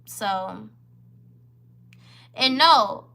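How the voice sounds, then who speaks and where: Bright-voiced young woman telling a candid story. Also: a little high, lively intonation, extremely slow, gravelly. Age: 20s. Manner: candid, repeats phrases, talks straight to viewers. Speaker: vlogger. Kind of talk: casual storytime vlog.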